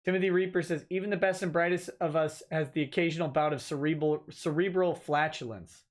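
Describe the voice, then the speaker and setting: Male lawyer host, high-pitched, casual livestream chat, dry short answers. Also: fairly even intonation, a little fast. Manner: dry, offhand replies to chat. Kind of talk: casual livestream chat reading viewer comments.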